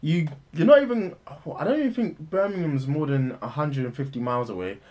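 A man's voice: fairly high pitch, animated, brisk, darkish tone. A man co-hosting a podcast, teasing and opinionated in casual chat.

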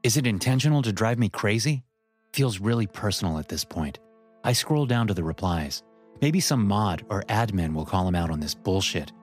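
Low-pitched male horror narrator, tense first-person telling, soft music under him. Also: animated, moderate pace.

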